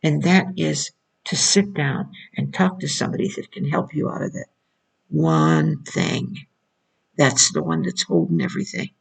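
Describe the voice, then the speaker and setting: A woman's voice: low-pitched, sing-song, unhurried, gravelly, slightly rough, rough recording. A woman preaching informally to a video audience, insistent and repeating rhetorical questions.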